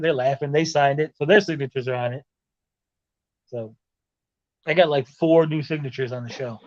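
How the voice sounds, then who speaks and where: A man on a podcast call, his voice fairly high for a man and a bit dull and lo-fi. He tells his stories with animated energy, swearing freely and jumping into other people's voices. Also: brisk, long pauses. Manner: animated, profane, acts out others' lines. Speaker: podcast host. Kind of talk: casual chat, storytelling. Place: hotel room.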